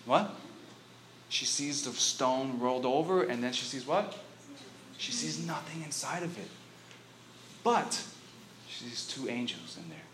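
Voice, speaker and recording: A man preaching an interactive sermon as a youth pastor, telling the story in an animated way and quizzing his listeners. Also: medium pitch, a little slow, pauses often, slight background noise.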